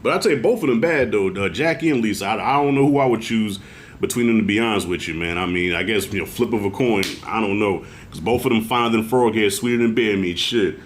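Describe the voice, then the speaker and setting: A middle-aged man giving a casual video review of a TV show, telling stories in a loose, profane, animated way. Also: on the low side, fast, a little hiss or hum. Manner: animated, profane storytelling with acted-out quotes.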